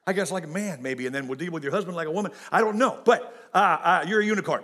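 This is a middle-aged man delivering a sermon. His voice sits a little high for a man. He keeps it folksy and animated and talks straight to his congregation. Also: quick pace, hardly any pauses. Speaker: pastor.

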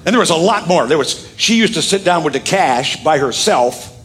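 A middle-aged man preaching a sermon as pastor, telling stories with big swings in his voice and joking with the congregation. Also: normal speed. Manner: lively storytelling with big pitch swings and asides; calls on the congregation to repeat lines. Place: church sanctuary with congregation.

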